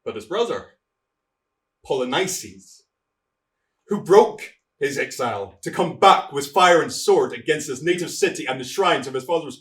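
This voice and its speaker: An actor playing a stern male king who lays down the law, swinging from loud proclamations to cold, quiet threats in a stage-play delivery. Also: mid-range voice, distant mic, close to an everyday voice.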